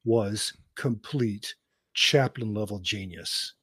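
On this podcast, a male co-host who teaches cinema lays out film history in lecture style, laughing as he moves from point to point in a casual chat. He speaks slowly in a lowish, slightly bright voice with some breathiness, captured in clean studio sound without echo.

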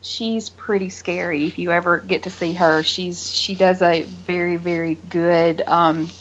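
A woman's voice: lowish voice, fairly even intonation, unhurried, lo-fi sound, slight background noise. Rambling, enthusiastic woman podcast guest. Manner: enthusiastic, rambling, many "you know" fillers. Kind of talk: casual chat.

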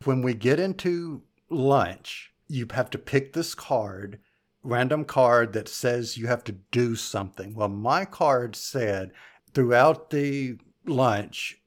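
A man hosting a podcast, chatting casually and playfully, with relaxed storytelling. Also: medium pitch, slow. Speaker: podcast host.

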